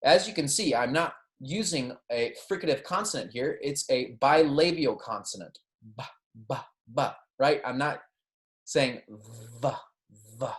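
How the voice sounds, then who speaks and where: A man's voice: medium pitch, lively intonation, reverberant. A man teaching as a Spanish instructor in a recorded lecture, patiently modeling sounds and correcting himself as he goes. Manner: patient, modeling pronunciation slowly, self-correcting.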